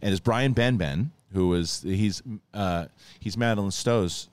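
Low-voiced man telling animated stories. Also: unhurried, smooth, no echo. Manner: animated storytelling, acts out quoted lines in a raised voice; profane, rambling with many restarts. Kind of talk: casual chat.

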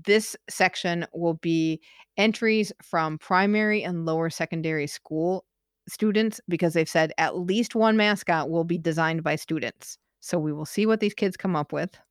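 A woman with a lowish voice co-hosts a podcast, chatting casually and laughing often. The studio-quality recording has no room sound.

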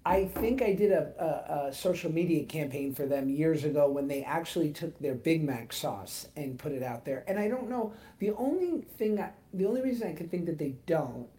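A man in his thirties co-hosting a casual podcast, telling animated stories and laughing as he goes. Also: fairly high pitch, moderate pace, few pauses, slight background noise. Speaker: podcast co-host. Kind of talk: casual chat, storytelling.

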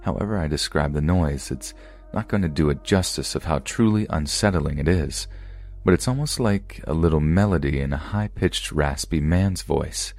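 A man reading true scary stories aloud as a podcast narrator, in a calm, even storytelling delivery. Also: extremely low pitch, normal speed, no echo.

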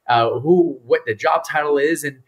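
A man on the high side, speaking at normal speed, appears as a podcast guest; he's a mental performance coach. He tells a story animatedly, acting out the people he quotes.

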